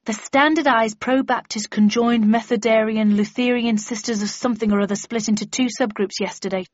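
A woman's voice: on the high side, fairly even intonation, brisk, no room sound, highs cut off, natural voice. A woman voicing a dour, grim adult brother who is a minister, in a storybook reading.

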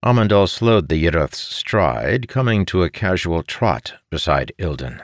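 Very deep-voiced male audiobook narrator. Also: sing-song, a little slow, no echo, clean studio sound.

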